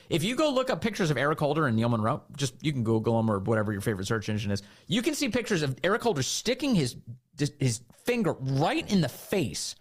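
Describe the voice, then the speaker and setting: Lively male talk radio host. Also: fairly high pitch. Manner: animated, indignant retelling with mocking quotes.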